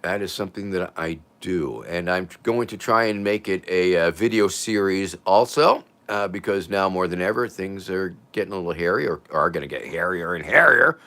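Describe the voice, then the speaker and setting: An older man hosting a casual livestream, rambling and chuckling as he reads out viewer comments, his voice drifting from loud to quiet. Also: sits low, normal speed, hardly any pauses. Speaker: livestream host.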